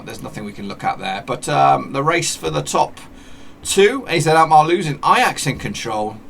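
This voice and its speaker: Male gaming host, mid pitch, gravelly, loose self-correcting play-by-play, faint hiss on the recording. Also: a bit bright. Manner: rambling, self-correcting chatter with mock match commentary. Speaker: gaming YouTuber. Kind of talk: casual game commentary.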